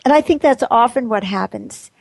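A woman's voice: fairly high pitch, moderate pace, creaky, no echo. A woman giving a candid, earnest reflective talk about personal growth.

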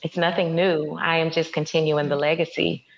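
A woman's voice: low-pitched, level tone, moderate pace, creaky, muffled recording. A woman from Brazil speaking as an interview guest, earnest and reflective. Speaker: guest, movement and Reiki facilitator. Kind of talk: casual interview.

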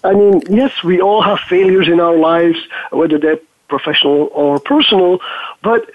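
A man's voice: high-pitched, normal speed, no room sound. A man joining a radio panel as a guest, talking hesitantly and repeating words as he searches for them. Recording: tinny phone line.

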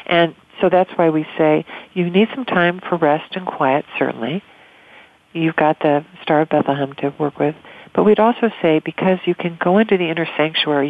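A calm channeler leading a caller through guided counseling, unhurried and gentle, referring to themselves as "we". The voice sits at a middling pitch. It comes through a narrow, phone-like band. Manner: slow, soothing, speaks as a collective "we". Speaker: radio host and channeler. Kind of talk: guided spiritual counseling on a call-in show.

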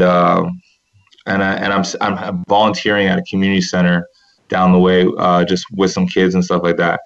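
A man who played basketball professionally overseas, telling a personal story in an earnest, rambling way with many restarts, seated at a table. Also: low-pitched. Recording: dull, muffled recording.

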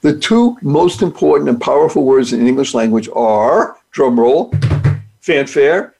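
Though paralyzed by a rare disease, this podcast host offers a playful, upbeat motivational monologue built on acronyms and wordplay. His mid-range voice is expressive and a little slow, with vocal fry, a darkish tone and a breathy edge.

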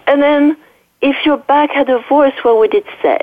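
A woman doctor with a French accent, explaining her ideas quickly and earnestly with frequent restarts as an interview guest. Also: fairly high pitch, expressive. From France. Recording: tinny phone line.

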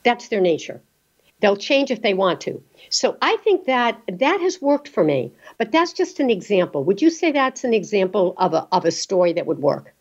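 A woman's voice: mid-range voice, very animated, normal speed. A woman hosting an interview, chatty and telling stories to make a point. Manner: chatty storyteller. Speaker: podcast host. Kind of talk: interview talk. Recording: dull lo-fi sound.

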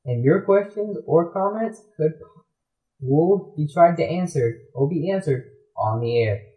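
A man's voice: on the high side, lively intonation, unhurried, narrow, tinny audio. A man hosting a kids' radio show, chatting loosely and rambling, with frequent "like"s. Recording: roomy echo.

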